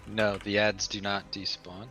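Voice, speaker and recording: Low-voiced male raider, practical and matter-of-fact, music and keyboard audible. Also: level tone, unhurried. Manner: practical, offers suggestions. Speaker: raid member. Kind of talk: voice chat while gaming.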